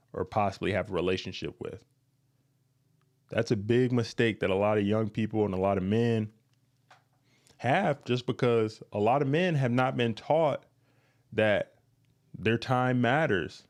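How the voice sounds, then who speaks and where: A man hosting a podcast, giving blunt, emphatic dating advice straight to listeners and repeating his points. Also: lowish voice. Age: adult, past his youth. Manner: emphatic, repetitive, blunt and frank. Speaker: podcast host. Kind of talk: direct-to-listener advice monologue.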